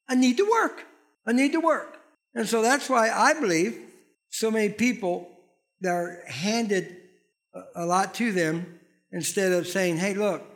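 A middle-aged man preaching with a strikingly high-pitched voice. He leans on emphatic, conversational delivery and keeps putting questions to the congregation. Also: bright, forceful tone. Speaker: pastor. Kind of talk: sermon.

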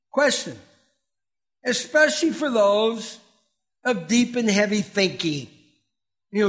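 A middle-aged man preaching a sermon in a high, bright-toned voice. He talks conversationally and asks his listeners questions. He swings between loud exclamations and hushed asides. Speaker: pastor.

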